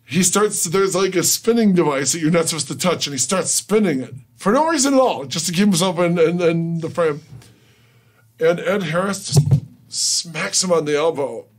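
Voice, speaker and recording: A man's voice: on the high side, expressive, normal speed. A man co-hosting a radio talk show, teasing his co-host and telling set stories. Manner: storytelling, teasing. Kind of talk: casual radio chat.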